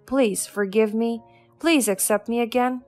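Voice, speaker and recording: With soft music in the background, a woman in a natural, unhurried, fairly high voice reads in storytelling fashion as a character: a remorseful, ruined middle-aged ex-husband. Her delivery is pleading as he stammers and begs for forgiveness.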